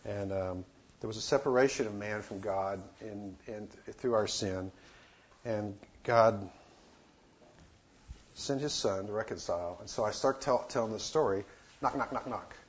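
A man telling a personal missionary story in a casual, halting way, with many fillers and restarts. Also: fairly low pitch. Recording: dull lo-fi recording with faint noise.

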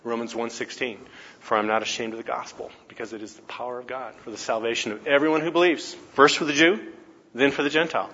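A man's voice: mid-range voice, steady tone, fast talker, pushed and bright. A campus minister giving a conversational teaching talk, telling stories and often checking in with his listeners with tag questions. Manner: storytelling, frequent tag questions. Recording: dull lo-fi recording, faint noise.

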